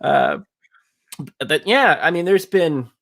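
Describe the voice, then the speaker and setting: Canadian guy, kinda high voice, rambling story w lots of uhs and likes. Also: expressive, slow, gravelly, a bit bright. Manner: rambling, laid-back anecdote telling with frequent fillers. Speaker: guest musician. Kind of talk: casual storytelling chat.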